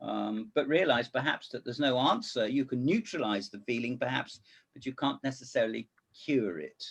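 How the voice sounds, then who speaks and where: A man's voice: mid-range voice, moderate pace, gravelly, a bit bright, slightly rough. A middle-aged man talking as a guest, wry and bookish, with old-fashioned turns of phrase. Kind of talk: casual chat.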